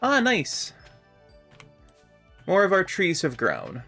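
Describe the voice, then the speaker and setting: A man's voice: high-pitched, huge pitch swings, slow, creaky, pushed and bright, faint music behind. A man joining a friend's stream as a co-player in casual gaming chat, joking, laughing a lot and slipping into goofy bits.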